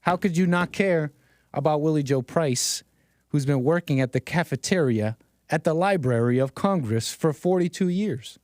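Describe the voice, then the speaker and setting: A man hosts a political commentary livestream, speaking directly and sarcastically to his chat and chuckling often. His slightly high voice has a darkish tone and moderate pace, recorded at studio quality with no room sound.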